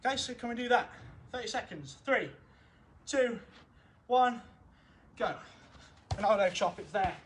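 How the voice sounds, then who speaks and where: A high-voiced young man runs a football session outdoors in a garden. He sounds winded, keeps up steady encouragement and counts each drill down. The camera mic picks up a faint hum of the outdoors. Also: unhurried, pauses often. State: out of breath. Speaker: football coach.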